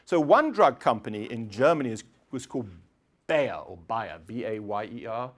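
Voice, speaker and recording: A middle-aged man giving a chatty public lecture, often clearing his throat and filling pauses with um and uh. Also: mid-range voice, big pitch swings. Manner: chatty, digressive, frequent throat clearing and fillers. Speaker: university lecturer. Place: lecture hall.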